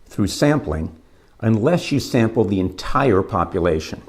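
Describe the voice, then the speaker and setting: A man giving a recorded course lecture, explaining plots step by step in a measured way. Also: lowish voice, big pitch swings.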